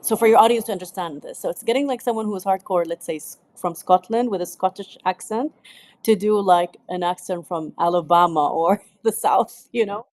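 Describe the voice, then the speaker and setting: Animated woman director, dry close sound. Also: mid-range voice, brisk, dry recording. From United Arab Emirates. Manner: animated, laughs often, many restarts. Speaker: film director. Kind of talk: interview answers.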